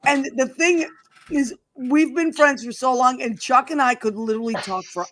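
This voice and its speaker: A woman hosting a talk show, chatty and quick to laugh with her guest. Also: sits high. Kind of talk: casual chat.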